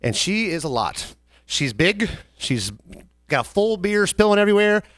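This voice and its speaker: A young man with a Southern American accent and a high voice speaks at a moderate pace, recorded with no room sound. As a podcast co-host and bartender, he shares an animated story from behind the bar in a casual chat, quoting and acting out the customers.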